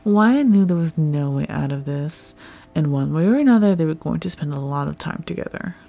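Female narrator, low mellow voice, steady read, faint music bed. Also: brisk, creaky. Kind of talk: fan fiction audiobook narration.

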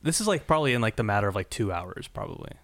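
A man's voice: fairly low pitch, expressive, vocal fry, no echo. Guy on a podcast retelling an episode, lots of uh and um, laughs a bunch, dry close mic. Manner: halting, many fillers, laughs often. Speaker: podcast co-host. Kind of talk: casual chat recapping an episode.

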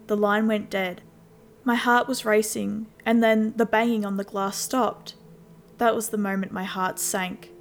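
A woman narrating a first-person horror story in a steady storytelling voice. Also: medium pitch, measured pace, a little hiss or hum. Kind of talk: scripted scary story narration.

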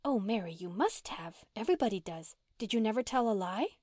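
A woman reading an audiobook and voicing a gentle young girl who speaks softly and solemnly. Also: medium pitch, animated, fairly quick, no echo, clean studio sound, natural voice. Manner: soft, solemn.

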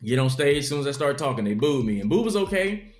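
A man's voice: medium pitch, quick pace, reverberant. A young adult man, a comedian, telling his life story in an interview and acting out the people in it. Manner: animated storyteller acting out quotes.

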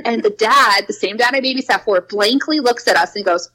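A young woman casually telling spooky stories from her preschool job. She fills her talk with "like" and acts out quotes in a higher voice. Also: expressive, moderate pace, pushed and bright, breathy edge, rough recording. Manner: chatty, lots of "like", acts out quotes with a raised voice. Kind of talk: casual storytelling.

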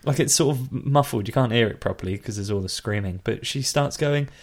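A man's voice: medium pitch, brisk. A man co-hosting a podcast, telling his favourite film moment with jokes and laughter. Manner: joking, chuckling asides. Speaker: podcast co-host. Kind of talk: casual film-review chat.

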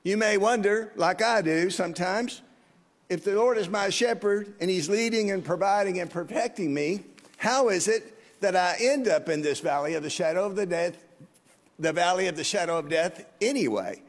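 Man in his 50s preaching, high voice, long church echo, earnest and chatty. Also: moderate pace. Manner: earnest, conversational, asks the congregation questions. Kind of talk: sermon. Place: church sanctuary.

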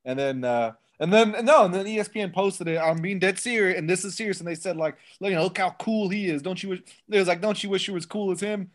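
A young man in casual podcast chat, animated and sarcastic, often restarting his sentences. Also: high-pitched, fast, hardly any pauses. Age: young adult. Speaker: podcast co-host.

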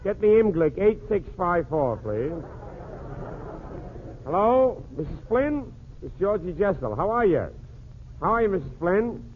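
A man's voice: high voice, sing-song, measured pace, pauses often. A man hosting a 1940s radio comedy show, cracking jokes through a one-sided phone call. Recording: tinny old radio broadcast with faint hiss.

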